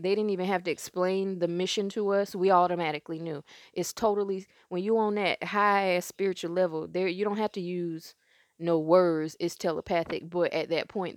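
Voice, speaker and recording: A woman's voice: fairly low pitch, no echo, clean studio sound. A congested woman, telling a spiritual story in a loose, rambling, conversational way as a podcast host.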